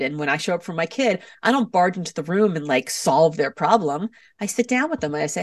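Lively storytelling middle-aged woman, dry and distant. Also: on the low side, fairly quick, few pauses, no echo. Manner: animated storyteller acting out voices. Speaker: author and guest. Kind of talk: podcast interview.

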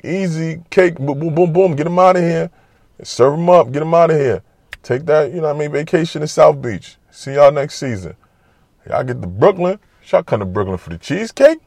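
A man giving a casual, animated, trash-talking basketball monologue full of slang. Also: a little high, vocal fry, husky, no echo. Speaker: basketball commentator. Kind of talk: casual sports talk monologue.

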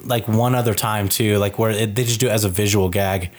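A man's voice: on the low side, steady tone, brisk. A man co-hosting a casual podcast, reviewing a movie in a loose, rambling way with lots of filler words. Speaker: podcast co-host.

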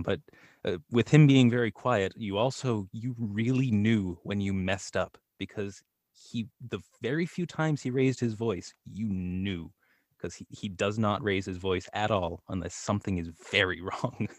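A soft-spoken voice actor talks quietly as a podcast guest. His voice sits a little low, and the recording is dry and close. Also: measured pace, no echo. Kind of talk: casual interview chat.

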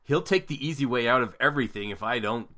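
A man in his thirties, a podcast host telling funny family stories in casual chat, animated and mock-serious. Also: medium pitch, fast talker.

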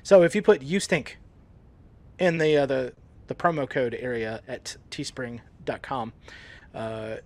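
A man's voice: medium pitch, lively intonation, unhurried, darkish tone. Laid-back joking male podcast host. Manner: laid-back, jokey, laughs often. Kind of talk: casual chat.

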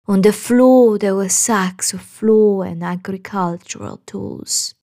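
A woman narrating a ghost story in a slow, hushed, suspenseful manner, often dropping near a whisper. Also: medium pitch.

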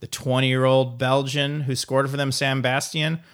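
A man's voice: medium pitch, little pitch movement, unhurried, a bit bright, clear, resonant tone. A man co-hosting a casual sports podcast, joking and rambling with lots of fillers. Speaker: podcast co-host.

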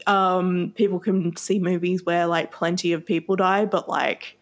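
A woman's voice: on the low side, level tone, a little slow. A woman co-hosting a podcast in casual chat, chatty and teasing, often giggling. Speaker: podcast co-host.

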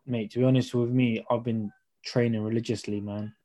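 Man, young, fast-paced, mellow voice, slangy storyteller. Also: mid-range voice, flat delivery. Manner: slangy, storytelling, acts out dialogue. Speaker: podcast guest, personal trainer. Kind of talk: casual chat.

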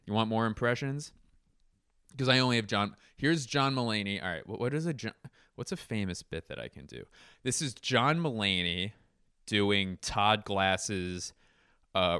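A man hosting a comedy podcast solo, with a lively, bouncing pitch. He rambles and interrupts himself, swearing offhandedly. The sound is close and dry, from a studio mic. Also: smooth, no room sound. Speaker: podcast host. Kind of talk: casual comedic monologue.

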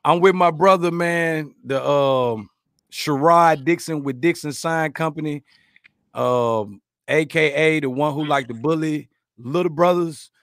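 A man hosting a podcast, chatting casually, joking, rambling through stories and giving shout-outs to listeners. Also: a little high, unhurried, no echo, studio quality. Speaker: podcast host.

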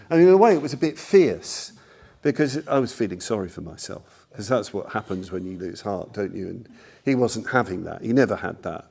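A man's voice: lowish voice, expressive, a little fast, gravelly, darkish tone. A man in his sixties who is a Buddhist teacher. He gives a rambling, self-deprecating Dharma talk full of fillers like "you know". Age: 60s.

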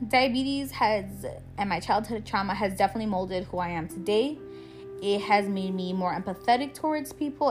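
A young woman speaks in a casual, heartfelt monologue as a podcast host. She talks frankly, often laughing and swearing. Faint music plays quietly behind her voice. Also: on the high side. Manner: candid and emotional, swears freely, laughs often.

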